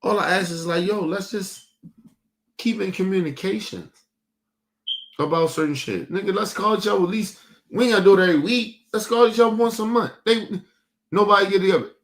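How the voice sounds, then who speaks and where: A man's voice: sits high, a little fast, fairly bright tone. A young man, hosting a stream and ranting about his family in a heated, profane, repetitive way. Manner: heated, profane, repeats himself. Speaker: streaming show host. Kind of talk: casual rant to a stream audience.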